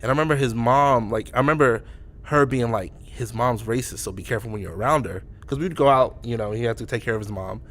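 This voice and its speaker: A man's voice: mid-range voice, fast, fairly bright tone. Rambling man telling a story. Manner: rambling, many restarts. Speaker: podcast co-host. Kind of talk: casual storytelling.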